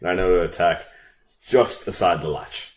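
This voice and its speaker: Low-voiced man at a game table, wry and dry, roomy echo. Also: moderate pace. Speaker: player. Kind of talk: casual tabletop play.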